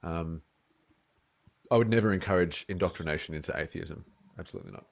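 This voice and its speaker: An Australian man with a notably low, deep voice, talking over a video call. He chats easily and jokes, and when a serious question comes he lays out his view in a steady, measured way. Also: vocal fry. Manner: easygoing, joking, then measured when explaining. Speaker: guest. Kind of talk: casual Q&A conversation.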